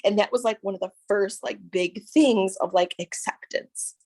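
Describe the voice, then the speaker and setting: A woman telling a personal story as a guest, lively and full of "like" and "right?", acting out what others said. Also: mid-range voice, moderate pace. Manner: animated storytelling, acting out quoted voices; frequent fillers like "like" and "right?". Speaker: guest sharing her story. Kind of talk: personal testimony.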